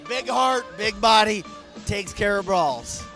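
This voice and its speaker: A man telling a lively birthday story to a party crowd, acting out the shouts. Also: high-pitched, takes it slowly, over music. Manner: lively anecdote with acted-out shouts. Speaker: party guest.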